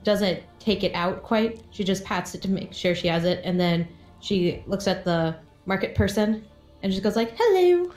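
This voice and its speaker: A woman's voice: medium pitch, steady tone, normal speed, darkish tone, faint music behind. A woman playing a tabletop game, chattily describing her character's actions with giggles. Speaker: player. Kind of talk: casual tabletop play. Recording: echoey room.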